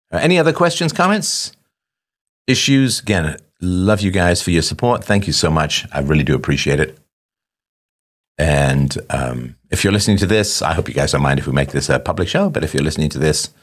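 A middle-aged man hosting a show, talking casually to listeners in a rambling, wry way with self-mocking asides. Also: low-pitched. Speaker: show host.

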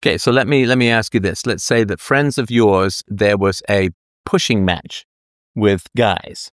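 Playful halting man reading a question. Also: lowish voice, no echo, studio quality. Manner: playful, halting, many restarts. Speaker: podcast host. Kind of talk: casual chat reading a listener question.

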